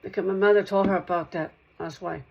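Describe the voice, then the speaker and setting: A woman in a rambling, repetitive monologue, going over the same points again and again in a soft, plain voice. The sound is muffled and lo-fi, like a cheap mic. Her pitch sits in an ordinary middle range. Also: fairly even intonation, fairly quick, gravelly. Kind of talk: rambling spoken monologue to one listener.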